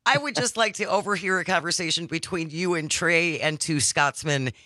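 A woman hosting a radio interview, asking questions in a brisk, friendly way. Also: lowish voice, sharp tone, no room sound, clean studio sound. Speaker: radio host.

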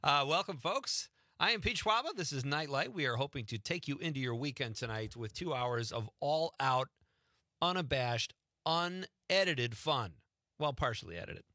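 Animated, joking male radio host. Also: mid-range voice, moderate pace, no room sound, clean studio sound. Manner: joking, self-mocking, animated. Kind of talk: casual radio banter.

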